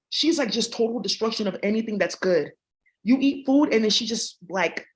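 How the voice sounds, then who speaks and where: A woman's voice: on the high side, expressive, normal speed. A woman vlogger rambling through a casual monologue, exclaiming often, laughing and swearing freely.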